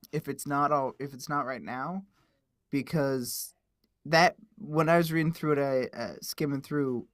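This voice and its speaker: Slightly high man rambling thoughtfully. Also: dry recording, studio quality. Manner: rambling, hesitant, repeats himself. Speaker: player. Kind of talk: casual podcast chat.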